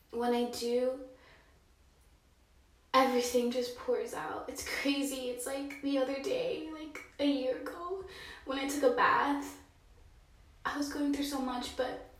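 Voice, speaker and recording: Young woman, high steady voice, heartfelt rambling confession, very echoey bathroom. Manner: rambling, heartfelt, drifting into hushed whispers. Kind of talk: confessional monologue. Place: dark bathroom, sitting in a bathtub. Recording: very echoey bathroom, mic at a distance.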